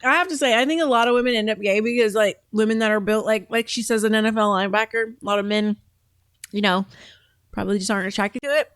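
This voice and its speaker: A woman's voice: mid-range voice, steady tone, fast talker, a bit bright, no echo. A woman hosting a show and reacting to videos in a chatty, rambling way, often laughing. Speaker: host. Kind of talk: casual reaction commentary.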